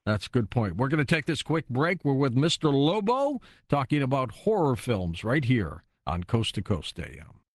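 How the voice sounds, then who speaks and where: A man hosts a late-night radio talk show, his pitch rising and falling with energy. He chats easily with his guests and steers toward calls and breaks. The sound is dry and close. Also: no room sound.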